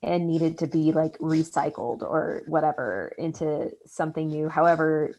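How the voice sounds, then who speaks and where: A woman's voice: low voice, steady tone, normal speed, a little mellow. A woman co-hosting a podcast, chatting casually with playful jokes and acted-out quotes. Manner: joking, playful, acts out quotes. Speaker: podcast co-host. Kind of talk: casual chat.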